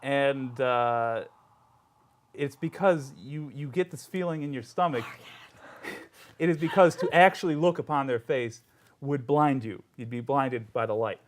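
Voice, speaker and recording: A man narrating as game master of a tabletop role-play game, telling the scene with lively energy. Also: medium pitch, measured pace. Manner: animated storytelling, laughs often.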